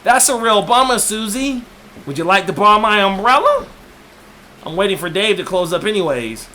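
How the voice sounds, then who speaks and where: A man voicing a sleazy, pushy male customer in a game, with a raspy put-on southern drawl. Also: sits high, sing-song, moderate pace, bright, forceful tone, a little hiss or hum, exaggerated voice.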